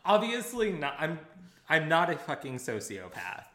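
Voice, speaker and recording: A young man co-hosting a podcast, chatting casually and dropping wry, deadpan quips to the listeners. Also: a little high, moderate pace, echoey room, background noise. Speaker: podcast co-host. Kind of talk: casual chat.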